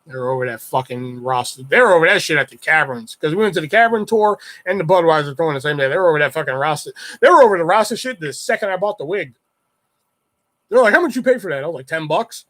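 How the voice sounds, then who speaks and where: Profane rambling man, fairly high voice. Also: animated, fast talker, fairly bright tone. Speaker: livestream host. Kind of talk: casual storytelling chat.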